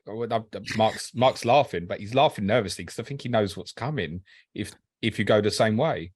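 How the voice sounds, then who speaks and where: A man hosting a football podcast, asking his guests questions in a relaxed, chatty way. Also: on the low side, moderate pace, husky, dry recording, clean studio sound. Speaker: podcast host. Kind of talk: casual podcast chat.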